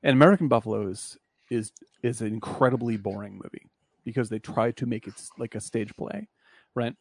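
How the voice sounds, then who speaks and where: A man's voice: medium pitch, steady tone, fairly quick, no room sound. A man hosting a casual film discussion, blunt and profane, rambling with lots of fillers.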